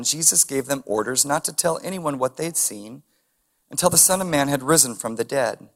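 A man preaching a sermon as a pastor, reading scripture and adding casual chuckling asides and rhetorical questions. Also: medium pitch.

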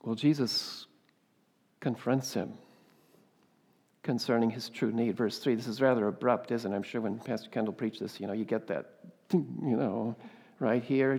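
A male pastor delivers a sermon in an ordinary mid-range voice. He builds to loud, fervent emphasis, then drops to hushed asides, and often tags his points with rhetorical questions. His voice rings out with a long reverb through a church hall. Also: medium pitch, fairly even intonation, normal speed, vocal fry, long pauses, husky. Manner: rhetorical tag questions and repeated exclamations.

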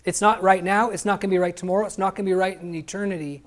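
A man's voice: high-pitched, fairly even intonation, very fast. A male pastor giving an explanatory sermon who keeps asking his listeners rhetorical questions.

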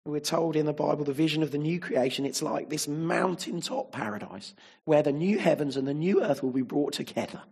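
Husky male preacher. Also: fairly high pitch, darkish tone. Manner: emphatic, with frequent rhetorical tag questions. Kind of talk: sermon.

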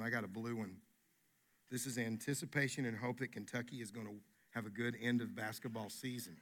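A man's voice: medium pitch, pushed and bright. A man preaching a sermon as pastor, emphatic and folksy, repeating his key phrases.

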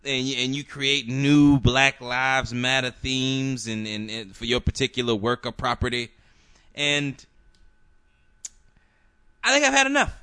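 A man co-hosting a podcast in casual chat, animated and profane, rambling with frequent restarts. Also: medium pitch, unhurried, smooth, no room sound, studio quality. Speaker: podcast co-host.

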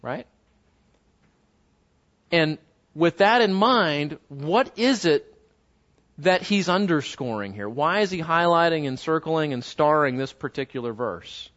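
High-voiced man teaching a Bible class. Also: expressive, a bit bright. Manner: conversational, questions the class often and reads scripture slowly. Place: in front of a live group. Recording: dull lo-fi recording.

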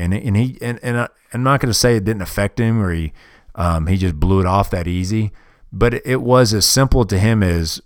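Studio-quality and dry, the recording catches a podcast host in his forties speaking at a fairly low pitch and moderate pace. His casual monologue wanders, swears freely, speaks bluntly and keeps restarting sentences, all through a podcast microphone.

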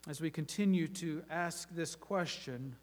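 A pastor preaching a sermon, reading scripture in a measured, expressive way that lifts for quoted speech. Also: male voice, fairly high pitch. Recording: reverberant hall recording.

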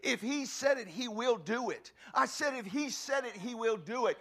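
A man preaching a passionate sermon as a pastor, often shouting and stumbling over restarts. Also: extremely high pitch, expressive, moderate pace, few pauses.

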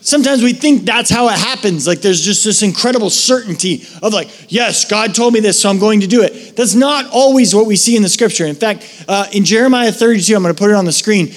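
A middle-aged male pastor giving a sermon in a casual, storytelling way, full of quick asides. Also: high-pitched.

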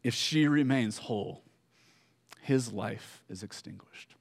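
A man preaching a sermon, telling a story slowly with fillers and pauses, dropping soft at solemn moments. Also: mid-range voice, creaky, husky. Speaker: pastor.

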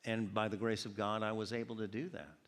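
A man from Georgia preaching a sermon, telling animated stories and acting out quoted voices. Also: on the low side, fairly quick. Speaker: pastor. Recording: long hall reverb.

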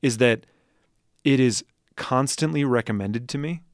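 A man's voice: medium pitch, normal speed, no room sound, studio quality. A man co-hosting a casual podcast chat, easygoing and thoughtful, asking questions.

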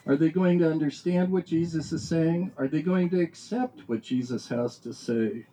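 A man's voice: fairly high pitch, moderate pace, dark tone, slight background noise, low-quality recording. A man teaching a Bible lesson, reading verses aloud and asking rhetorical questions as he explains them. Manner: reads scripture aloud then explains it, asks rhetorical questions.

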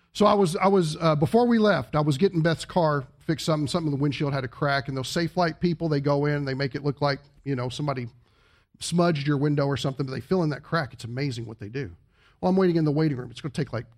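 A man with a fairly high voice preaching to a congregation in church. He talks in a casual, joking way and swings between loud, emphatic points and soft, low asides. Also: fast. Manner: animated, with big swings in pitch and volume. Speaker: pastor. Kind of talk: sermon. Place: church service before a congregation.

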